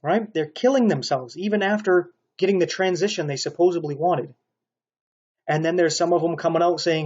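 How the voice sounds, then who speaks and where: A man's voice: on the high side, normal speed, darkish tone, breathy edge, lo-fi sound. A man preaching a rambling, stern sermon monologue, pressing his points with repeated rhetorical asides. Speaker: online preacher.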